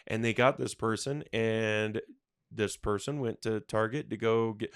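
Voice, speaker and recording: A man hosting a casual podcast, a lowish, smooth voice recorded dry and close. He tells stories with animated energy, swearing and laughing as he goes. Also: measured pace, dry recording. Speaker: podcast host.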